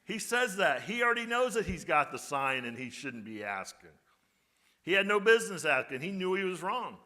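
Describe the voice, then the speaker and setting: A man's voice: high-pitched, big pitch swings, normal speed, sharp tone. A male pastor giving a conversational sermon, often putting rhetorical questions to his congregation.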